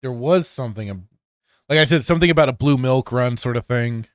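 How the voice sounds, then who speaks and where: A man's voice: medium pitch, brisk, smooth, no room sound, clean studio sound. A man hosting a casual podcast, reading out chat messages and chatting loosely with many restarts and fillers. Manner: rambling, with frequent restarts and fillers, laughs often.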